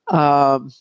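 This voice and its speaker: This middle-aged host of a live psychic Q&A reads out viewer questions in an easygoing, talkative way, laughing a lot. She has a husky bass voice, and the audio is dull with no room sound.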